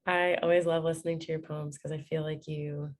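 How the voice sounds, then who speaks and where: A woman host with a low, level voice that barely moves. She speaks softly and appreciatively, with small fillers. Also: level tone, fairly quick. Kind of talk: casual hosting.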